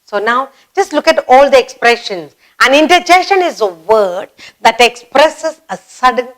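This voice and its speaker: A woman teaching a basic grammar lesson for children. She speaks slowly, repeats key words and acts out example exclamations. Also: high voice, animated, fairly bright tone, poor audio. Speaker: English teacher.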